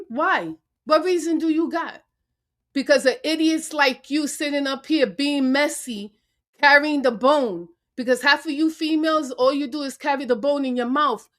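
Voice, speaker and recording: A woman with a high voice rants furiously on a live-stream panel. She is confrontational, curses freely and hammers her challenges over and over. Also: a bit bright. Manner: angry, confrontational, cursing; repeats taunts and challenges. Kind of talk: heated live-stream rant. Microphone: remote call into a live stream.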